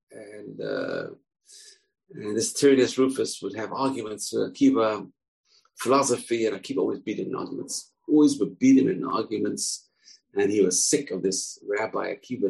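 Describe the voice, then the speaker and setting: A man teaching through an animated storytelling lesson. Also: lowish voice, vocal fry, rough recording.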